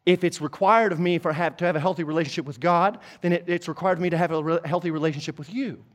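A man preaching a sermon as pastor, driving points home with repetition and climbing into loud, urgent exhortation. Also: on the high side, fairly even intonation, quick pace. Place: church sanctuary.

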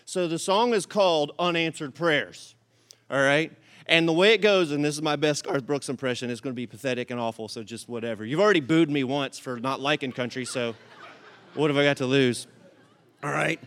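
A man's voice: a little high, brisk, clean tone. A man giving a sermon, telling a comic story with frequent "all right?" asides before turning to scripture. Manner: animated, comic delivery. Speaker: pastor.

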